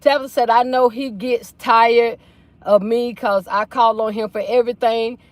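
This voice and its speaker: A woman's voice: fairly high pitch, fairly even intonation, normal speed, dry recording. A woman hosting a casual livestream from inside a car, chattily reading out viewer comments. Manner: chatty, reads viewer comments aloud, folksy. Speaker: livestream host.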